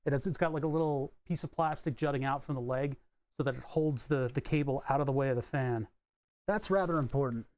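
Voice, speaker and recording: Tinkering with electronics at his workbench, a man chats on a live stream through a desk microphone, rambling and wry, with an occasional swear. He has a mid-range, darkish voice and talks a little fast.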